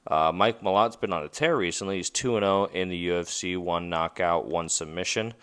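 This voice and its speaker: A man's voice: low-pitched, a little fast, a bit bright, smooth. A man hosting a podcast, talking casually and rambling through a fight preview with lots of fillers and self-corrections. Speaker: podcast host.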